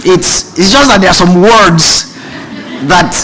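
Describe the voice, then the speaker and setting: Nigerian-accented man, high voice, animated comic storyteller at a seminar. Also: slow pace, a little hiss or hum, poor audio. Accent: Nigerian, mixed with British. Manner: animated, self-mocking. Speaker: seminar speaker. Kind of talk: humorous storytelling speech.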